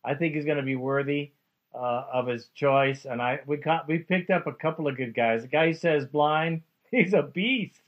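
A man's voice: on the high side, normal speed, highs cut off. A man hosting a call-in radio show, upbeat and friendly, calling callers bro and man.

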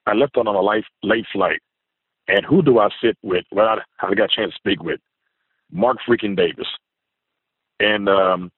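Deep husky man calling in by phone. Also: no room sound. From near Memphis, Tennessee. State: tired. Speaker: caller. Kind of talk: phone-in fan call. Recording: tinny phone line.

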